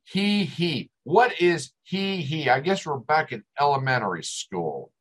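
A man's voice: a little high, lively intonation, unhurried, fairly bright tone, poor audio. An older man hosting a talk show, ranting with exasperation and sarcasm. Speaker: host. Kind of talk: ranting commentary.

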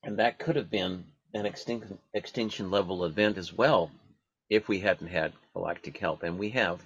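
A man with a lowish, husky voice hosts a radio talk show. He speaks haltingly, stopping often for fillers and restarts. The recording is dull and dry. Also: fairly bright tone, no room sound.

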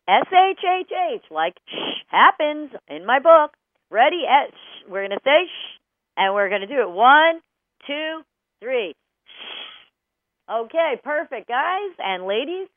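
Bubbly high-voiced woman on a tinny line. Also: dry recording. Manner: bubbly and animated, laughs often. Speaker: dog trainer and show host. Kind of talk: call-in radio talk. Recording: tinny phone-like line, dry.

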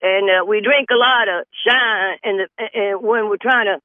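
A man's voice: high-pitched, a little slow, no echo, voice pushed up. A man voicing a brash, middle-aged backwoods country woman who talks in a folksy drawl. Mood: boastful. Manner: drawling, boastful folksy talk. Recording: tinny phone-line sound.

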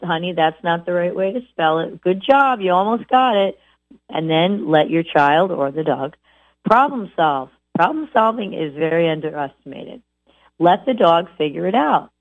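Low-voiced woman trainer on a tinny line. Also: no room sound. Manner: animated, mimics owners with repeated words. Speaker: dog trainer. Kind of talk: instructional talk. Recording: tinny phone-like audio.

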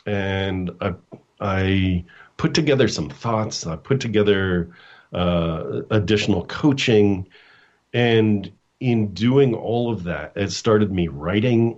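Middle-aged guy coach, low voice, halting story with lots of restarts, dull lo-fi call audio. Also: darkish tone. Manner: halting, with restarts and acted-out quotes. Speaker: guest, coach. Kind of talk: storytelling in a casual interview.

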